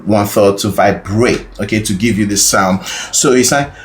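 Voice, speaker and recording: A man's voice: on the low side, fairly even intonation, moderate pace. A male singing teacher explaining vocal registers patiently, often checking in with his listeners as he goes. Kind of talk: instructional explanation.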